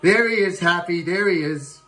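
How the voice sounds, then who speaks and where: A man hosting a livestream, giving playful live commentary on a virtual airshow, excitable and prone to whoops and chuckles. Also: high-pitched, normal speed, poor audio. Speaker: livestream host. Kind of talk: playful live commentary on a flight sim show.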